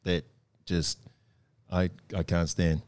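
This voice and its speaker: A man's voice: low voice, flat delivery, slow pace, darkish tone, smooth, no echo. A young man co-hosting a podcast, teasing his friend with jokey, mock-outraged asides. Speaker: podcast co-host. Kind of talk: casual chat, joking banter.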